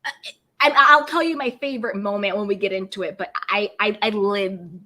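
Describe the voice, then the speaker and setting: A young adult woman hosting a live stream recap, greeting viewers one by one with bubbly, drawn-out hellos and pop-culture slang. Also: medium pitch, pushed and bright. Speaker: YouTube recap host.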